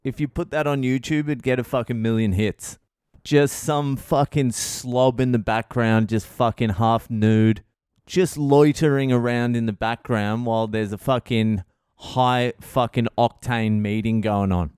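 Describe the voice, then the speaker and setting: A man's voice: medium pitch, fairly even intonation, a little slow, darkish tone, clean tone, no room sound, studio quality. A man hosting his own podcast, telling a comic story in a profane, rambling, self-mocking way. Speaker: podcast host, comedian.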